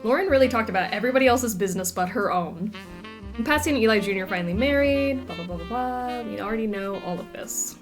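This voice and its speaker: A woman streaming a mystery game, chatting and thinking out loud as she reads the game's text aloud. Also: medium pitch, fast, music in the background. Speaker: gaming streamer. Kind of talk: casual let's-play commentary, reading game text aloud.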